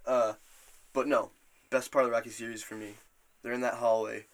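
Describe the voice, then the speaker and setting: A man hosts a loose, casual podcast, telling stories in a rambling, profane and animated way. His voice sits at a medium pitch. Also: a little fast. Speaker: podcast host.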